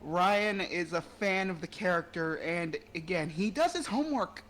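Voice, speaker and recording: Enthusiastic panelist, casual chat, laughs often, middle pitch. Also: animated, moderate pace, fairly bright tone, slight background noise.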